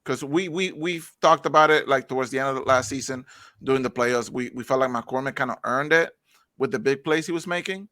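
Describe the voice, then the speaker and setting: A man's voice: medium pitch, brisk, bright, forceful tone, dry recording, studio quality. A man co-hosting a sports podcast, joking around and asking long rambling questions. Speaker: podcast co-host. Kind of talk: casual sports chat.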